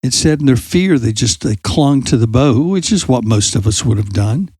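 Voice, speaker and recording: On his youth ministry podcast, this man animatedly tells a Bible story in a conversational, faith-centered way, shouting out the quoted lines as he performs them. He speaks at a moderate pace in a slightly rough mid-range voice with no room sound, and he puts questions straight to his audience.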